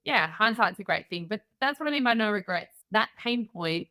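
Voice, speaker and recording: A woman's voice: mid-range voice, moderate pace, no echo. A middle-aged Australian woman, a guest entrepreneur on a podcast, telling candid stories and acting out the voices of people in them. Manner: candid, animated storyteller acting out quoted voices. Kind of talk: podcast interview storytelling.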